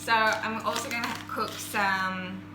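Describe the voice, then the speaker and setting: A young woman chatting casually as she cooks, talking to the camera in a chatty, self-mocking way with quick giggles. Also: a little high, steady tone, reverberant, background noise. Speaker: cooking vlogger. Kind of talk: casual cooking chat. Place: home kitchen.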